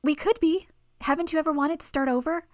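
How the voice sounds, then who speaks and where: Woman putting on a high giddy little-girl voice. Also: brisk, darkish tone, no room sound, clean studio sound, natural voice. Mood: gleeful. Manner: singsong, childish. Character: creepy cheerful little girl surgeon.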